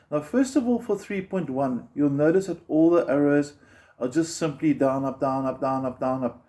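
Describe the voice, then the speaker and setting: A man's voice: on the high side, mellow. A man teaching beginner guitar step by step, patiently explaining and counting the beats aloud as he strums.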